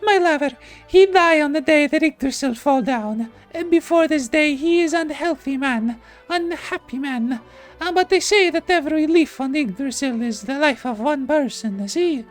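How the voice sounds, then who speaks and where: A man voicing a grieving Italian woman in a high falsetto, with a put-on Italian accent and broken English. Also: lively intonation, normal speed, soft background music. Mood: mournful.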